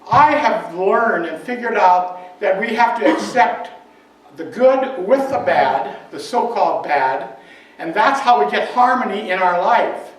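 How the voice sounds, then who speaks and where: A man voicing a cheerful, widowed woman florist who talks about her life with heartfelt warmth, heard from far off in an echoey hall. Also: sits high, lively intonation, unhurried. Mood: reflective. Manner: upbeat, heartfelt storytelling.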